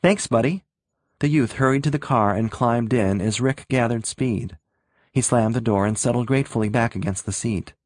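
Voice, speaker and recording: A man narrating a story in a steady, measured reading voice. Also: mid-range voice, dry recording, studio quality. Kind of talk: audiobook narration.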